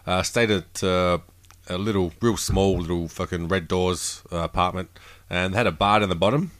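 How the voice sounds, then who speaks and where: A man's voice: deep voice, normal speed, fairly bright tone, no echo. A man chatting casually as a podcast co-host, laid-back, swearing freely and laughing at his own stories. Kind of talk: casual chat.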